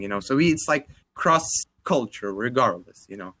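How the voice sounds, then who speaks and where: A young man in his twenties speaks English with a Russian accent, his voice bright and forward. He chats casually on a podcast. He rambles, fills gaps with "like" and drops the odd curse word. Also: mid-range voice, expressive, normal speed. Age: 20s. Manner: rambling, heavy use of "like", casual swearing. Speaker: podcast co-host.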